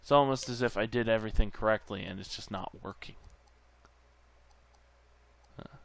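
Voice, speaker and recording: A man's voice: lowish voice, normal speed, creaky, a bit bright. A man hosting a gameplay channel, muttering to himself as he tinkers, with bursts of goofy sing-song nonsense. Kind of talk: casual gameplay commentary.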